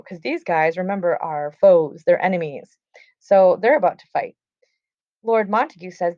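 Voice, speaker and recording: A woman's voice: fairly low pitch, lively intonation, moderate pace, no echo. A woman teaching a class, reading lines from a play aloud and retelling them in casual, chatty terms. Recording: dull, dry lo-fi recording.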